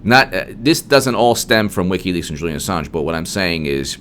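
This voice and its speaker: A man's voice: sits low, expressive, a little fast, a bit bright, slight background noise. A man hosting a solo political commentary monologue, emphatic and digressive, with frequent restarts.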